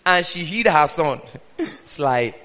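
Animated high-voiced preacher in a reverberant hall. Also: male voice, takes it slowly. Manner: emphatic, animated, sometimes shouting, reading scripture aloud. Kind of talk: sermon.

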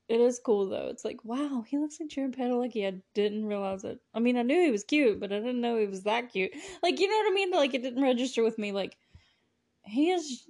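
Woman podcast host, casual recap, giggly and gushing, average pitch. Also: a little mellow. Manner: giggly, gushing, lots of "like" fillers. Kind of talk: casual movie recap chat.

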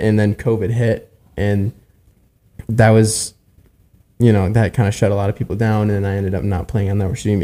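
A man's voice: lowish voice, warm tone. A man in his twenties sharing earnestly in a casual church panel discussion, rambling and often checking in with his listeners. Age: 20s. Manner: earnest, rambling, tags lines with "right?". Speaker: church worship musician on panel.

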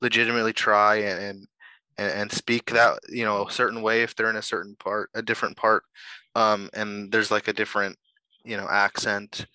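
A man's voice: lowish voice, level tone, normal speed, bright, forceful tone, smooth, dry recording, rough recording. A man chatting casually, hesitant, with lots of fillers. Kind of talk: casual conversation.

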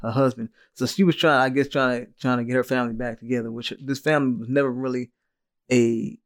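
A man's voice: medium pitch, fairly even intonation, fast. A man hosting a podcast in casual chat, rambling in an easygoing way. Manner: easygoing, rambling with fillers and restarts. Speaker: podcast host.

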